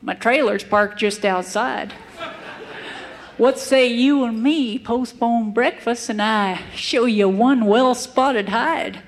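A woman's voice: a little high, takes it slowly, long reverb tail. A woman doing a folksy old cowboy packer. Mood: folksy bragging. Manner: drawling cowboy talk. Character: old male Western mule packer, folksy braggart.

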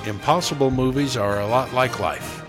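A man's voice: mid-range voice, music in the background. An older man co-hosting a radio show, telling dad jokes in a folksy, chuckling way. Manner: folksy, chuckling, slow joke delivery. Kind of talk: casual joke-telling chat.

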